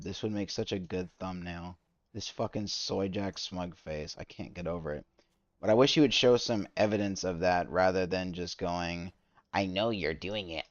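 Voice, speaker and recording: Exasperated low-voiced man ranting at a stream. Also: no echo, highs cut off. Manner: exasperated, rambling rant with many restarts. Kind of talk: casual live-stream reaction commentary.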